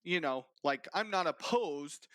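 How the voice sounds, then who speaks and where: A man voicing a gruff male city guard leader in a tabletop game, speaking with halting restarts. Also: a little high, expressive, a bit bright, no echo, pitched above the performer's own voice. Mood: probing.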